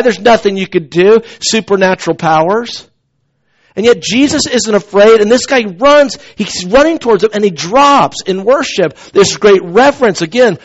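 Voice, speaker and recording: A man preaching a sermon as pastor, in a conversational, animated storytelling way. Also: high voice, highs cut off.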